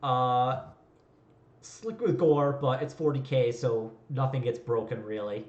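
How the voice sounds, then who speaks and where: A man's voice: medium pitch, unhurried, a little mellow, echoey room, muffled recording. A man running a tabletop game as game master, narrating in a loose, rambling way.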